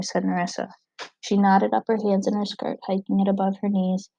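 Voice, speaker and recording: A woman reading a novel aloud, narrating in a steady, even way. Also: mid-range voice, normal speed, creaky, dry recording, muffled recording. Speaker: audiobook reader.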